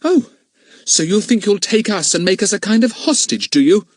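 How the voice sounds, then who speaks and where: A man's voice: sits high, very animated, slow pace, dry recording, studio quality, voice pushed up, exaggerated voice. A man voicing a fiery, defiant British schoolboy, speaking in a raised, indignant voice. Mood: furious.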